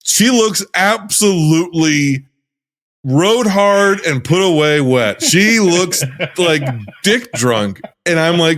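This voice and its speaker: Animated, swearing podcast co-host. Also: male voice, sits high, a little slow. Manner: animated, swearing, bursts of loud laughter. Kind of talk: casual chat.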